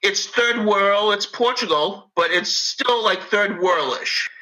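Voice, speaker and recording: A man's voice: high voice, takes it slowly, sharp tone, low-quality recording. A middle-aged man with a thick Northeastern US accent, a podcast guest rambling and swearing, full of "like" and "you know". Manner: rambling, profane, heavy on fillers. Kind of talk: casual chat.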